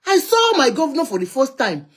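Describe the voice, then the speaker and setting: A Nigerian woman with a Nigerian accent, hosting a live call-in show, talking in an animated, chatty way and ranting about public affairs from inside a car. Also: sits high, brisk. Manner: animated, chatty, rants and pleads. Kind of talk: opinionated live social commentary.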